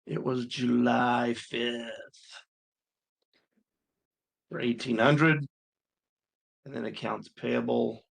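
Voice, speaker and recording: A man teaching accounting talks casually through homework in a screen recording, thinking aloud and sometimes mildly exasperated. He speaks extremely slowly with a medium pitch, flat delivery, vocal fry, and frequent pauses.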